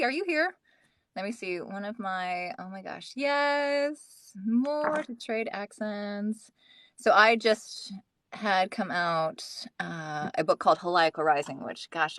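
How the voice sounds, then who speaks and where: A woman's voice: medium pitch, measured pace, a bit bright, no room sound, studio quality. A professional audiobook narrator and livestream host, a woman who chats in a bubbly, enthusiastic way and laughs easily.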